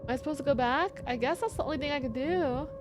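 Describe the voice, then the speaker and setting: A woman's voice: sits high, fast talker, music in the background. A young woman streamer commentating a horror game live, easily startled, swearing and talking to chat. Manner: jumpy, swears, talks to chat.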